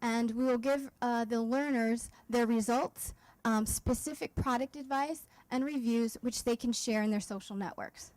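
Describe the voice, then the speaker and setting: A woman presenting her startup at a demo day pitch, explaining her product step by step with frequent fillers and restarts. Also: normal speed, hardly any pauses, a little mellow, dry recording, rough recording. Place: event stage.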